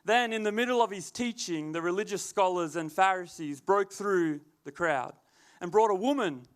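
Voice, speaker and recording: A man's voice: high-pitched, normal speed, clean tone. A young man, a youth leader telling a chatty, laughing story before a sermon. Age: young adult. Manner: laid-back, laughing often, chatty filler words.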